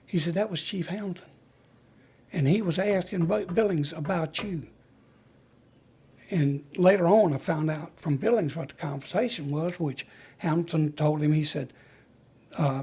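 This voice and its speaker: Gravelly older man telling stories. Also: a little high, moderate pace, long pauses. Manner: folksy storyteller who acts out the dialogue he recalls. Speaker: retired fire chief. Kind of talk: storytelling interview.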